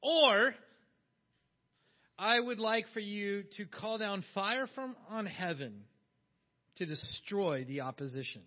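A man's voice: high-pitched, expressive, slow, long pauses. A man preaching a sermon in a conversational way, putting questions to his listeners. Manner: conversational, asks the audience questions. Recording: dull sound with long hall reverb.

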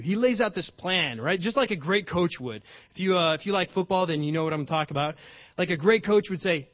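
A fairly high-voiced man delivers a sermon to a live congregation. He keeps it conversational, checks in with the crowd and builds to loud, emphatic high points. The recording is dull and muffled. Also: normal speed. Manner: conversational preaching, checks in with "right?". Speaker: pastor.

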